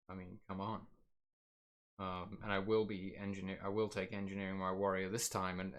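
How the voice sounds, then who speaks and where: A man's voice: low-pitched, fairly bright tone. A man streaming and chatting casually about his game plans, rambling and correcting himself as he goes, his voice getting a little worn.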